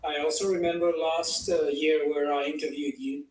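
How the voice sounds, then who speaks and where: A man in a stream discussion, asking halting questions. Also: a little high, little pitch movement, darkish tone. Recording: roomy, distant call audio.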